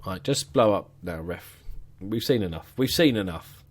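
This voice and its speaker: A man's voice: low voice, animated, moderate pace. A man giving sarcastic, muttering commentary while playing a football management game. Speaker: gaming commentator.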